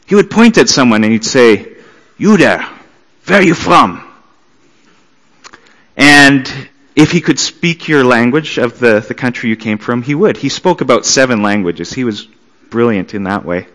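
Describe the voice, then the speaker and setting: A man's voice: mid-range voice, animated, moderate pace, fairly bright tone, in a large hall, rough recording. A man who plays in an orchestra, telling an anecdote in an easygoing, conversational way. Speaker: orchestra musician.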